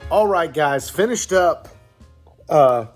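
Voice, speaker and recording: Fishing at a pond outdoors, a southeastern Virginia man vlogs in a slightly high voice at a slow pace. He chats casually but gets excited and keeps exclaiming, while faint background music plays.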